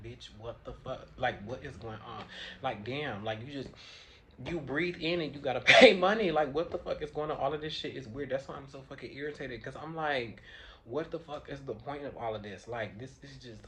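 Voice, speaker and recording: A young man, venting in a loose, rambling monologue full of swearing and false starts. His voice sits at an ordinary middle pitch, and a faint hiss of noise runs under the recording. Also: fairly bright tone. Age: 20s. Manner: profane, irritated, rambling with restarts. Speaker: vlogger. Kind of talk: casual rant to camera.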